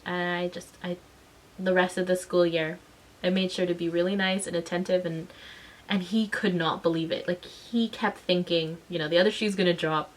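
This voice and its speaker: A mother and vlogger in a casual storytelling vlog, talking in an animated way and acting out the voices of people in her story. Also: lowish voice, moderate pace, low-quality recording. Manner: animated, acts out quoted voices.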